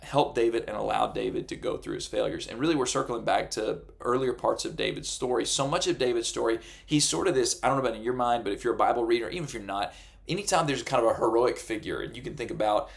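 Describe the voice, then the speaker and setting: A man preaching a sermon, earnest and animated, sometimes acting out the voices of the people he describes. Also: medium pitch, quick pace, vocal fry. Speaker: pastor.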